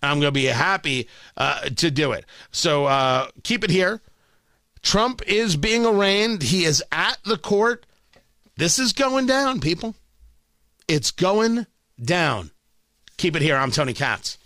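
A man hosting a political talk radio show, delivering an animated, sarcastic monologue into a studio microphone. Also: on the high side, slow pace, dry recording. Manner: animated, excitable, sarcastic asides.

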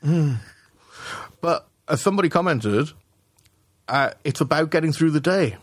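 A man's voice: a little high, animated, moderate pace, slightly rough, dry recording, clean studio sound. Man talking politics over beers. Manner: hesitant restarts, swearing, building an argument. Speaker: podcast co-host. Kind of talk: casual political chat.

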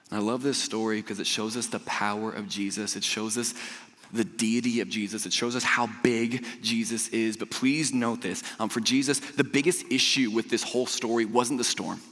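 A young man preaching a casual, storytelling sermon as a youth pastor, chatty and animated, laughing often and stumbling over repeated words. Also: on the low side. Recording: long hall reverb.

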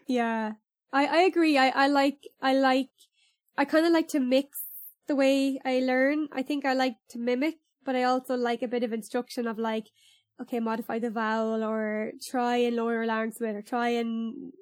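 A woman's voice: on the high side, level tone, normal speed, dry recording, clean studio sound. A woman singer chatting casually, often restarting her sentences and filling them with fillers. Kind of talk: casual podcast chat.

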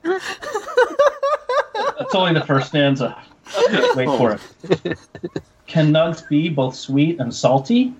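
A man's voice: a little high, wildly swooping pitch, takes it slowly, long pauses, crowd noise, poor audio. Giggly man reading mock-serious verse. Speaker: podcast co-host. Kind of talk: casual chat, comic poem reading.

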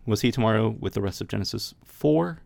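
A man's voice: on the low side, expressive, fast talker, vocal fry, a little mellow, dry recording. A man hosting a podcast, reading Bible passages aloud and talking them over casually, with frequent restarts. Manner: reads scripture aloud then chats about it with many restarts. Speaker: podcast host.

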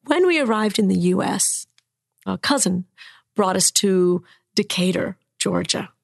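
A woman's voice: mid-range voice, lively intonation, unhurried, creaky, no echo, studio quality. A woman in her sixties from Cuba, a storyteller and author whose first language is Spanish, telling a personal story on a podcast and slipping into the voices of the people she quotes.

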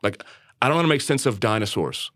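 A man's voice: fairly low pitch, big pitch swings, fast talker, fairly bright tone, dry recording, studio quality. A man co-hosting a church podcast, telling a candid personal story in an earnest conversational way, often restarting and repeating words. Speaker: church leader and podcast co-host.

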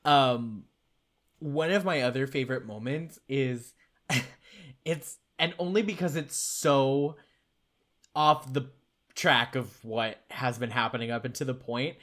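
A man's voice: mid-range voice, takes it slowly. A man in casual conversation, animatedly retelling moments from a video game and laughing as he talks. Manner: animated storytelling, laughs while talking.

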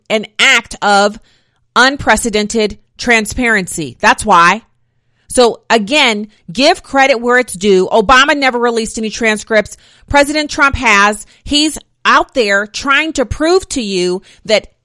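A woman's voice: a little high, bright, forceful tone, no room sound, clean studio sound. A woman hosting a political commentary podcast, chatty and opinionated with snarky asides. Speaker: podcast host.

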